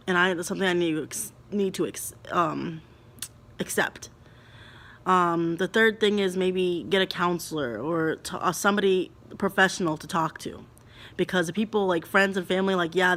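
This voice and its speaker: A young woman vlogging alone at home, talking to camera in a halting, confessional way, full of restarts and fillers. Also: lowish voice, a bit bright.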